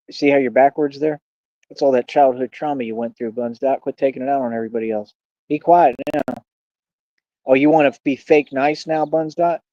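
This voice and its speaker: A man's voice: mid-range voice, warm tone, dry recording, lo-fi sound. A man hosting a livestream, combatively mocking and taunting a rival in a heated rant. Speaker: livestream host.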